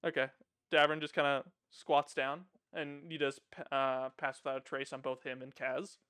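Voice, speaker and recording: A man's voice: medium pitch, flat delivery, moderate pace, sharp tone, smooth. A man playing in a tabletop role-playing game, casually narrating what his character does and swearing freely. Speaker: player.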